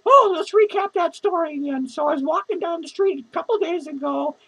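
The recording is rough, and the man's voice is very high, fairly quick and a bit bright. Performing as a lonely, drunk clown in a comedy monologue, he sounds intoxicated and meandering, slurring his words, cursing nonstop and breaking into giggles.

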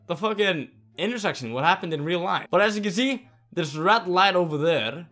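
A young man from Iceland with an Icelandic accent, telling a storytime while playing a game, excitable and swearing a lot as he yells at the game. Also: high voice, fairly quick, soft background music. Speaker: vlogger. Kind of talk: storytime over gameplay commentary.

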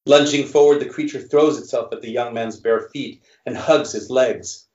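A male author reading his own fiction aloud in a measured narration, then answering questions. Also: mid-range voice, a little mellow. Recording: roomy, dull recording.

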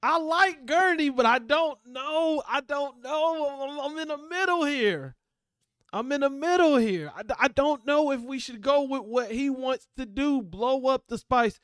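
A man's voice: very high voice, a little slow, fairly bright tone, dry recording, studio quality. A man hosting a movie reaction, thinking aloud with hesitant, repeated words. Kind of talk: casual reaction commentary.

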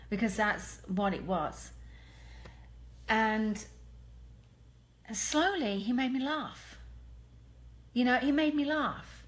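An English woman speaks straight to her fans in a live stream, earnest and emphatic, with a slightly high voice. She is blunt and candid and lets a mild swear slip out now and then. She sounds close to a phone or webcam mic. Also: takes it slowly, pauses often. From England. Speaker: medium and clairvoyant.

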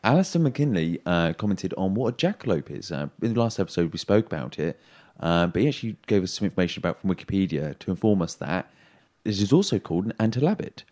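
A man's voice: low voice, big pitch swings, fast, dark tone. A man co-hosting a podcast, reading listener comments aloud with some hesitation. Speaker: podcast co-host. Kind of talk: casual podcast chat.

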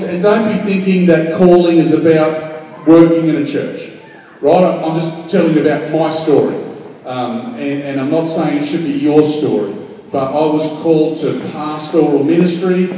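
Man preaching, slightly high mellow voice, far from the mic in an echoey church hall. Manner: animated, acts out voices in quotes, frequent "um". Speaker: pastor. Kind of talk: sermon.

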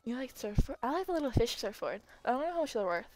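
A woman's voice: a little high, sing-song, fast, darkish tone, dry recording, faint music behind. A woman game streamer chatting to viewers during a live stream, giggling, gasping and squealing often. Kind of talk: excited live-stream chat.

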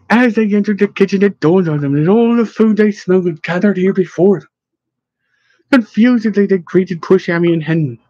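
A man narrating a storybook in a steady, even reading voice. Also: high voice, no echo. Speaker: audiobook narrator. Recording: dull lo-fi dry recording.

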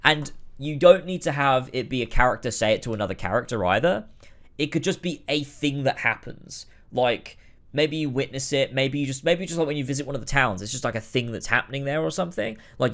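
A man streaming a game, rambling commentary that breaks into shouting rants. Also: mid-range voice, animated, a little fast, gravelly. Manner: rambling, many restarts, bursts into shouting rants. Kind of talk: casual let's-play commentary.

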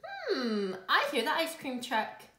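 A woman's voice: high-pitched, wildly swooping pitch, slow pace, voice pushed up, full character voice. A woman doing a playful old grandmother. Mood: teasing. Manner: gentle, teasing. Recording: echoey room.

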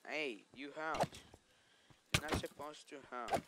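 A man's voice: fairly high pitch, slow pace, very noisy. A man giving casual gameplay commentary, chatting to viewers and scolding the monsters aloud. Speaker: let's play host.

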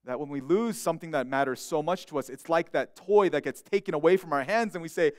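A man's voice: fairly high pitch, quick pace, dry recording, clean studio sound. A young man preaching a sermon as pastor, speaking earnestly and often repeating words as he restarts a thought.

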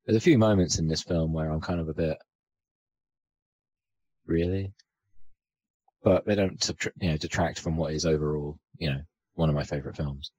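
A man's voice: very deep voice, fairly even intonation, fast talker, a little mellow, dry recording, low-quality recording. A man co-hosting a podcast, talking through a film in a rambling, casual way full of fillers and self-corrections. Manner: rambling, filler-heavy, thinks aloud. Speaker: podcast co-host.

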